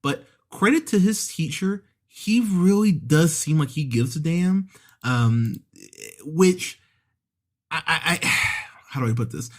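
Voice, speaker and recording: A man's voice: a little high, lively intonation, slow pace. A man hosting a movie podcast, reviewing an episode in a casual, chatty way with frequent laughs and fillers. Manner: chatty, laughs often, many fillers and restarts.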